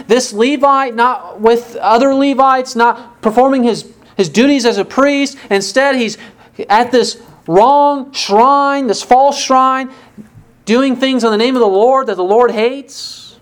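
A woman delivers an expository sermon in a slightly high voice. She walks her listeners through the text, pressing them with rhetorical questions and leaving emphatic pauses. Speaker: preacher.

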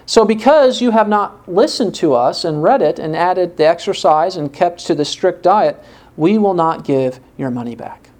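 A man voicing a calm male manager who patiently explains why a customer broke the diet plan. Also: high voice, normal speed. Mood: matter-of-fact. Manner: patient, explaining, listing faults.

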